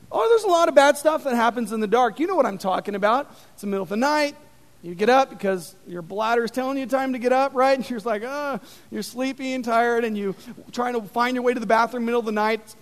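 A man preaching a sermon in an animated, conversational way, telling stories with many fillers. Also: very high voice. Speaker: pastor. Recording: long reverb of a large hall.

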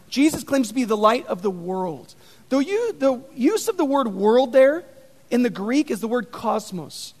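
A man preaching an animated sermon, telling stories with dramatic emphasis. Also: extremely high pitch. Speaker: pastor. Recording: long reverb in a hall.

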